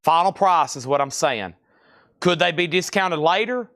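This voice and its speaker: A man's voice: fairly high pitch, lively intonation, normal speed, a bit bright, no room sound, clean studio sound. Chatty man hosting a live record sale. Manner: chatty, addresses buyers by name. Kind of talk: live-stream sales patter.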